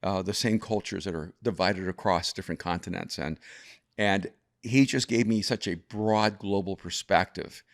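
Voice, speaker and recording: A man over fifty from El Salvador, with a low voice and moderate pace, is a guest telling stories conversationally. He's reflective and restarts frequently.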